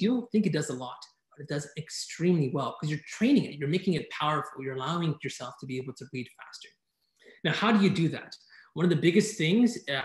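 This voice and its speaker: Upbeat male presenter in an echoey room. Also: fairly high pitch. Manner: enthusiastic, fast-talking, keeps asking "right?". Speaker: conference speaker teaching speed reading. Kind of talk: energetic online presentation. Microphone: video call.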